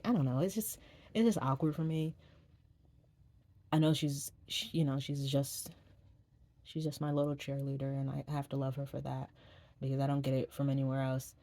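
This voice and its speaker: A woman's voice: rumbling low, dark tone, no echo. Rambling, swearing young woman author. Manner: rambling, self-deprecating, swears freely. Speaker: indie author. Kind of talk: casual rambling vlog outro.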